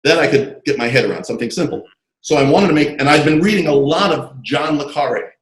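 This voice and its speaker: A man being interviewed about his screenwriting career, telling animated, digressive stories full of asides over a video call. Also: a little high, fast, echoey room, poor audio. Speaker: interview guest, screenwriter and comic artist. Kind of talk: casual anecdotal storytelling.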